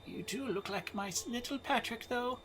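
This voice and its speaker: A woman voicing a frail old granny figure with a slow, eerie, doom-saying delivery while reading game dialogue aloud. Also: a little high, fairly bright tone, faint music behind, voice pushed down, close to an everyday voice, low-quality recording. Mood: eerie sweet.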